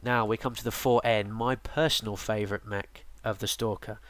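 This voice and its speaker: A man's voice: lowish voice, normal speed, no echo. A man, tired and yawning, casually explaining a game's units with plenty of ums and restarts. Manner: relaxed, rambling with many ums and restarts. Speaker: game guide presenter. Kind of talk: casual game tutorial narration.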